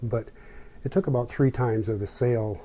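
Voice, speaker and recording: Male interview guest, unhurried and reflective storyteller, dark mellow tone. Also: mid-range voice, slight background noise. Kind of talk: personal storytelling.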